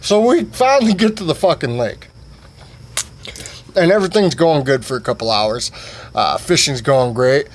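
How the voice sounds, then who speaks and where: A man telling a rambling, profane comic story in an animated way. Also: a little high, normal speed, pauses often.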